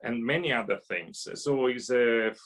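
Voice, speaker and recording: A man with an Italian accent, a baritone and conductor chatting in an interview over a video call, halting and searching for his words. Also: a bit bright. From Italy. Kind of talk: casual interview chat.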